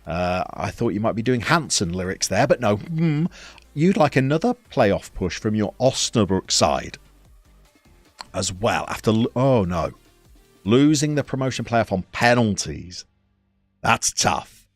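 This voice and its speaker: A low-voiced man chats through a live game stream, reading out messages from his viewers. His delivery is playful and conversational, with sudden excited outbursts at the game. The sound is dry and close, with faint music underneath. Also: measured pace, no room sound. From England.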